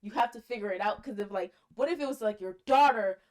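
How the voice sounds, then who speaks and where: A woman's voice: medium pitch, quick pace, a little mellow. A young woman co-hosting a podcast in casual chat, blunt and teasing, with plenty of swearing. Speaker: podcast co-host.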